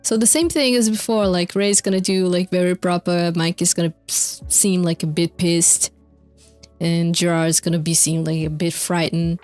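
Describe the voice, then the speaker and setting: A woman's voice: lowish voice, normal speed, darkish tone, faint music behind. A young woman streamer casually recapping concert lore, rambling with fillers, swearing and laughing often. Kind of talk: casual chat over video clips.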